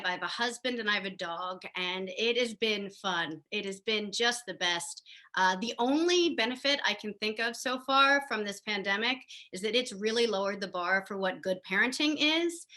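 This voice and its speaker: Wry woman comic with a bright voice. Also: mid-range voice. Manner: wry, self-deprecating delivery. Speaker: stand-up comedian. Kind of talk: stand-up comedy set.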